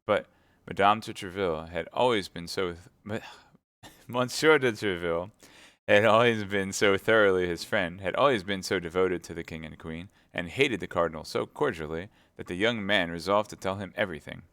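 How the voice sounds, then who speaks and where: Low-voiced man reading a novel live. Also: normal speed, no echo. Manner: steady reading with chatty asides to viewers. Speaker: streamer reading a novel aloud. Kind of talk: live-streamed audiobook reading.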